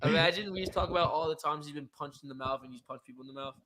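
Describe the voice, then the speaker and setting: A young man co-hosting a casual sports podcast, excitable and quick to trash-talk, on a computer mic. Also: on the high side, crowd noise. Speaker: podcast co-host.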